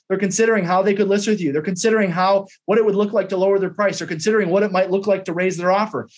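A man teaching a sales training lesson, coaching emphatically, repeating himself and modeling script lines aloud. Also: high voice.

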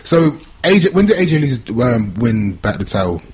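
A man's voice: mid-range voice, big pitch swings, crowd noise. A man co-hosting a casual podcast, wry and offhand. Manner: casual, wry, lists names off quickly. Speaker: podcast co-host. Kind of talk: casual chat.

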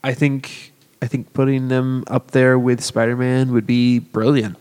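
A man talking casually on a podcast, thinking out loud and doubling back on his points. His voice sits in a middle register, and the room around him leaves a long reverb tail. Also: mid-range voice, completely flat delivery, unhurried, smooth. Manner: rambling, self-correcting. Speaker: podcast co-host. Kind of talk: casual chat.

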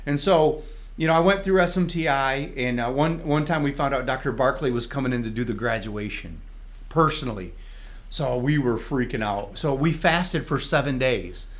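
A man, a reverend from Michigan, telling his testimony as a guest on a faith talk show, animated and storytelling, at times breaking into tongues. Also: mid-range voice, normal speed.

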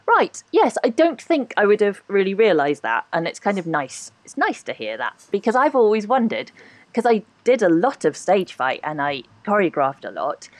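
A woman's voice: mid-range voice, big pitch swings, moderate pace, dry recording. A woman with a posh voice, a guest on a podcast, chatting animatedly, laughing often and hedging her points. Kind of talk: casual interview chat.

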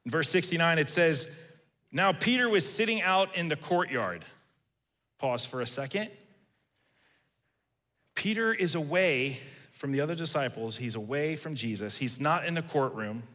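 A man's voice: fairly high pitch, expressive, normal speed, long pauses, bright, forceful tone. A man preaching a sermon in a conversational way, acting out the quoted lines as he tells the story. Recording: reverberant hall.

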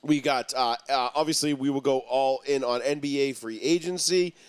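A man's voice: medium pitch, normal speed, clean tone, dry recording. A man in his thirties hosting a casual sports talk show, loose and joking, on a close studio mic. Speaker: podcast host. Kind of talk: casual sports radio chat.

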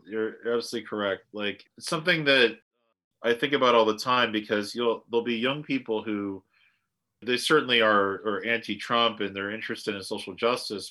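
A man from the United States co-hosting a podcast, talking in an animated, opinionated way with frequent restarts. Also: fairly low pitch. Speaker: podcast co-host. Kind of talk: casual conversational commentary.

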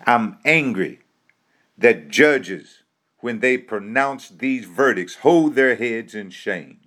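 A man's voice: mid-range voice, slow, a bit bright. An American man giving an impassioned, sermon-like speech. He builds it on a repeated refrain and rhetorical questions. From United States.

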